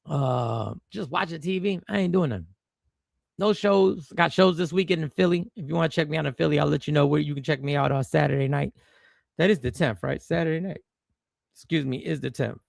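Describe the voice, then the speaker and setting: A man's voice: a little high, creaky, dry recording, studio quality. A man, a stand-up comedian, telling a personal story to viewers in a loose, rambling way with slang and restarts. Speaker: stand-up comedian and stream host.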